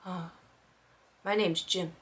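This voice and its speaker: A woman's voice: fairly low pitch, fairly even intonation, takes it slowly, fairly bright tone. A woman voicing an awkward young man at the gym who mumbles and hesitates.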